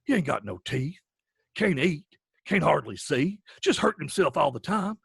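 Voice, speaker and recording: A man doing a blunt, gruff old ranch hand who drawls and presses his point again and again. The voice sits a little higher than the speaker's own and sounds set back from the mic, in a dry, close recording. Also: very animated, normal speed, no room sound, heavily acted. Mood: insistent.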